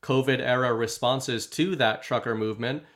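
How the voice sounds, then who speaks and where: A man's voice: mid-range voice, steady tone, normal speed, a bit bright. A man co-hosting a casual podcast, reading out viewer messages in an easygoing way. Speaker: podcast co-host.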